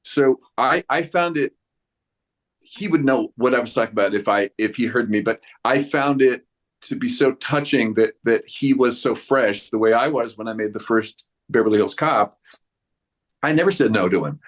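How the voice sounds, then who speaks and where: This sixty-something actor, doing a press interview, talks at a moderate pace with a medium-pitched voice. He keeps starting over as he rambles and voices the people he quotes.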